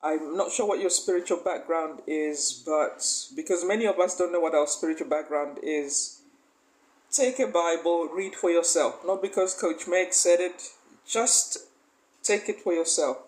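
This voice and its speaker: A woman's voice: lowish voice, unhurried, a little mellow, rough recording. Laughing, emphatic woman life coach. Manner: emphatic, often breaks into laughter; asks the listener rhetorical questions. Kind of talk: motivational faith-based coaching talk.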